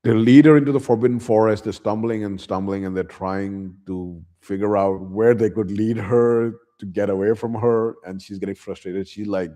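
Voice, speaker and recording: A man with a very deep, mellow voice recaps a book as a YouTube host. His telling is loose and slangy, dotted with chuckling asides. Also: normal speed, hardly any pauses.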